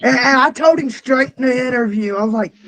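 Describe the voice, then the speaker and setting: A man interviewing a guest, telling animated, profane stories with shouted punchlines. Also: extremely high pitch, brisk, poor audio. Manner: profane, animated, loud storytelling. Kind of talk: casual storytelling.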